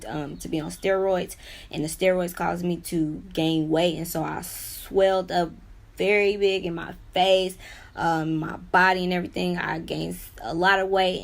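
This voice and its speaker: A young woman speaks in a low, fairly level voice, sharing her experience in an unscripted personal vlog. She rambles earnestly, leaning on "you know" and "like" as she goes. Her delivery stays plain and conversational. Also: creaky. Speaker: vlogger sharing her own illness.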